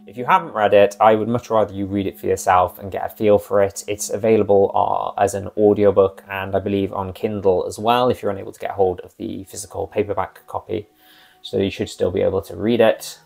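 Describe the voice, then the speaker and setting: A man's voice: fairly low pitch, little pitch movement, fairly quick, vocal fry, darkish tone, faint music behind. A man who runs a tabletop game, chatting casually and rambling with asides as a channel host. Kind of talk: casual talk about a tabletop game character.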